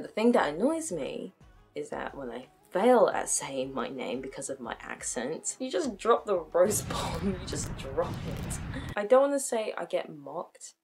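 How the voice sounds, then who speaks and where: A woman talks straight to camera, chatty and frank. She laughs at herself and restarts her sentences. Soft music plays faintly behind her. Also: low-pitched, breathy edge. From United Kingdom. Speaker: vlogger. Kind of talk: casual commentary to camera.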